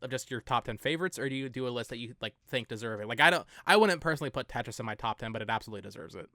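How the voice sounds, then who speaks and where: Man, co-host: quick, bright, laughs easily, dry close mic. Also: mid-range voice, dry recording. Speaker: podcast co-host. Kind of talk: casual podcast chat.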